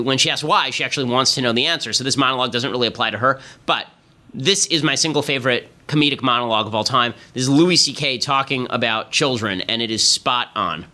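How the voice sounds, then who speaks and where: A man hosting a political podcast, delivering a rapid, sardonic commentary monologue. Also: medium pitch, bright, forceful tone. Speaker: podcast host.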